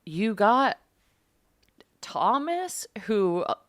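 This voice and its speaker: A woman's voice: mid-range voice, big pitch swings, very slow, fairly bright tone. A woman co-hosting a podcast, chatting casually with dry humor about a reality show. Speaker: podcast co-host. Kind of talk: casual recap chat.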